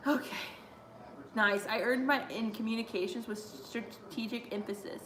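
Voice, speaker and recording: A woman's voice: fairly high pitch, fairly even intonation, moderate pace, a bit bright, roomy sound. A woman hosting a casual watch-along stream, reading chat aloud and answering with lots of giggles and jokes.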